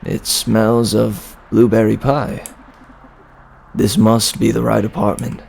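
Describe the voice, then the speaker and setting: A man's voice: lowish voice, steady tone, slow pace, creaky, a little mellow, breathy edge. A man playing a horror game, reading the dialogue aloud and muttering dry asides. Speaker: game player. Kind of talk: let's-play commentary and reading dialogue.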